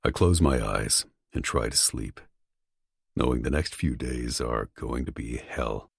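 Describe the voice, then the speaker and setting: A man narrating a romance audiobook in the first person, steady and intimate, on a close studio mic. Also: rumbling low, a little slow, vocal fry, husky, no room sound.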